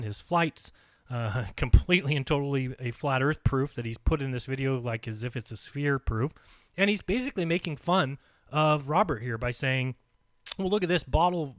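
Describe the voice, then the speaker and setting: A man's voice: medium pitch, fairly bright tone, dry recording, studio quality. A man hosting his own channel, commenting insistently over video clips, repeating his points with emphasis. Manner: talks while eating. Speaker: channel host reacting to a video.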